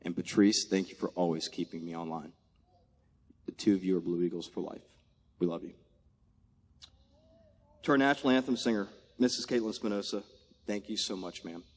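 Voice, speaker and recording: Standing in a big aircraft hangar at a ceremony, an outgoing commander from Maryland, USA, in his forties, says an emotional goodbye, thanking individuals in turn and fighting back tears. He speaks in a low voice at a moderate pace with long pauses, and the space gives a long echo.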